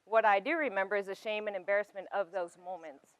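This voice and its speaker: A woman's voice: mid-range voice, steady tone, fast talker, a bit bright, dry recording, highs cut off. A woman in her thirties giving a personal testimony talk, earnest and emphatic, building to passionate peaks. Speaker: speaker.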